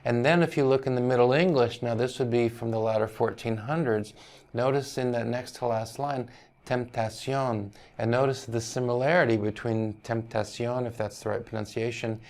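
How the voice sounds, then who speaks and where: Gravelly-voiced male teacher lecturing. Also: mid-range voice, steady tone, a little fast, a little mellow. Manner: explanatory, checks in with frequent "right?"; hesitant over foreign pronunciations. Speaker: university teacher. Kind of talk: classroom lecture on language history.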